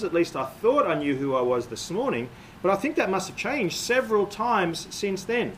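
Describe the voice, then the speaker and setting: A man preaching a sermon, with a voice pitched a little above average. He talks in a measured, explanatory way, pausing on "uh" and "um". A faint hiss of noise sits under the voice. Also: animated, a bit bright, poor audio. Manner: measured, explanatory, frequent "uh" and "um" fillers.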